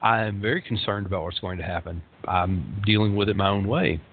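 A man's voice: lowish voice, a little fast, slight background noise. A man in his late fifties giving a rambling, casual talk on meditation and suffering, with dry humor and many fillers. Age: 50s. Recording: tinny phone-like lo-fi sound.

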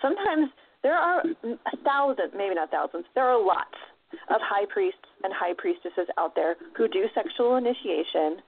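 A woman's voice: mid-range voice, expressive, normal speed, slight background noise. A woman talking in a casual discussion, passionate and emphatic, swearing freely as she makes her points. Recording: dry, phone-like narrow sound.

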